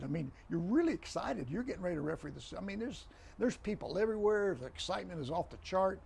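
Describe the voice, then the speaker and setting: An older man tells his stories at a quick clip, his slightly high voice roughened with gravel. He is animated, repeats his phrases and acts out what people said. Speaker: guest, retired football referee. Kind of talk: storytelling in a podcast interview.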